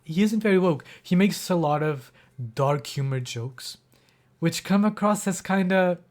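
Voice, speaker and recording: A man's voice: high-pitched, unhurried, darkish tone. A young man streaming live, telling a personal story in a rambling, emotional way with many fillers and restarts, close to tears. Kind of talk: casual livestream storytelling.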